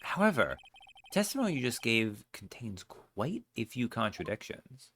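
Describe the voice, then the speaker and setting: A man's voice: medium pitch, very animated, moderate pace, fairly bright tone, a little hiss or hum. A man doing an earnest young defense lawyer. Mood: pressing.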